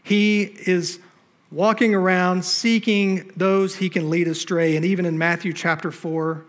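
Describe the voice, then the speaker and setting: A male pastor preaching from a church stage. His voice sits on the high side of a man's. He drives his points home with emphasis and keeps turning to the congregation with rhetorical questions. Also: level tone, a little slow. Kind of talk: sermon.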